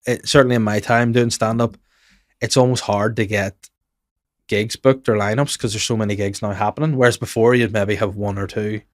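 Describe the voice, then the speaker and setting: This podcast host, a comedian with a lowish voice, tells wandering stories in a loose, lively, fast-moving way. The recording is clean studio audio with no room sound.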